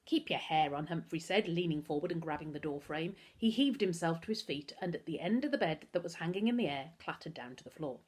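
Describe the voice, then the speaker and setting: A woman, a teacher, reading a children's book aloud with expressive storytelling. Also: low voice, brisk, few pauses, husky.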